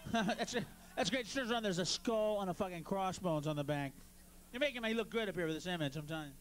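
A man doing a stand-up routine on a club stage, brash and profane, working the crowd and bursting into shouts. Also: high-pitched, fairly quick, slight background noise. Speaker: stand-up comedian.

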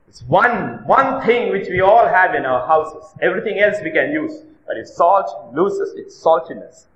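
High, bright-voiced man preaching emphatically. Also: highs cut off, a little hiss or hum. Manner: emphatic preaching with rhetorical questions and repetition. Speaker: pastor. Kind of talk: sermon. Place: church hall. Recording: echoey church hall recording.

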